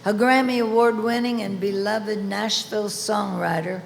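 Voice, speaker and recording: A woman presenting an award at a ceremony, reading a deliberate introduction with playful asides. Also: mid-range voice, steady tone, vocal fry, slight background noise. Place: large event hall. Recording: echoey hall with faint ambience.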